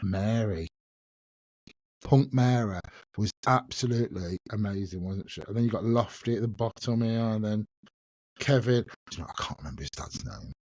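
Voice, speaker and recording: A man's voice: on the low side, expressive, normal speed, darkish tone, no room sound. A man, hosting a casual solo podcast and chatting in a self-mocking way, laughing often. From England. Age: 50s. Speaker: podcast host.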